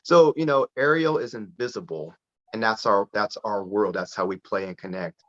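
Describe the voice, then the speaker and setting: A man telling a personal story as a guest on a podcast interview, lively and full of restarts. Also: on the low side, moderate pace. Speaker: podcast guest, parent advocate. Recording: dull lo-fi sound.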